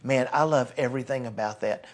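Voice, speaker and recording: Husky-voiced man preaching a sermon. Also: medium pitch, a little fast. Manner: earnest, builds to loud bursts then drops soft. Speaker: pastor.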